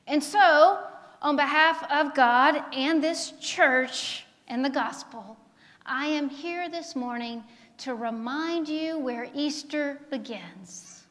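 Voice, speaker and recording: High-voiced woman pastor preaching slow, asking the church questions, big echoey sanctuary. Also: fairly bright tone. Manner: preaching with call-and-response questions. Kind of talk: sermon. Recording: long reverb of a sanctuary.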